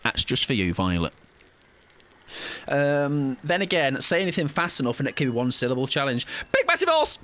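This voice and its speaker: Playful streamer with a lively voice. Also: male voice, medium pitch, moderate pace. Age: late 20s. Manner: playful, argumentative, repeats words to test them. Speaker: game streamer. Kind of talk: casual live-stream chat.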